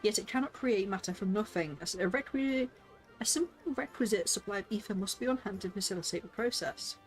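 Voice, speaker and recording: A woman's voice: medium pitch, a little fast, soft background music. A woman streaming a game, chatting playfully with viewers and reading character lines aloud with lots of laughter.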